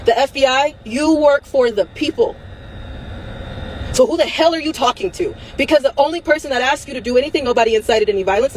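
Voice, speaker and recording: A woman's voice: on the high side, a little mellow. A woman delivering an impassioned, angry rant to her viewers, blunt and swearing, hammering her points with repetition. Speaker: online commentator.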